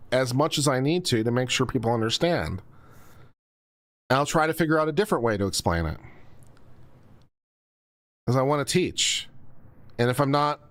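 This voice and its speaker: A man's voice: fairly high pitch, a bit bright. A man hosting a legal commentary stream, explaining rules to viewers over and over in a patient but mildly exasperated teaching manner.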